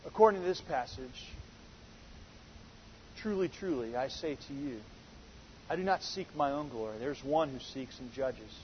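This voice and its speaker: A man's voice: medium pitch, normal speed, long pauses, lo-fi sound, slight background noise. A male pastor preaching an earnest sermon that builds to emphatic moments.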